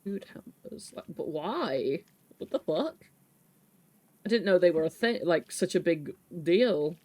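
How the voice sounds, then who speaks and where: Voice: medium pitch, expressive, slow, a little mellow. A streamer chatting casually with viewers from home, teasing, swearing and laughing often. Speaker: live streamer. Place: home, with a pet rabbit.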